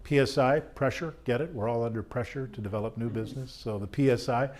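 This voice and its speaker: A man's voice: mid-range voice, fast, a little mellow. Male sales trainer, jokey, upbeat lecture to members.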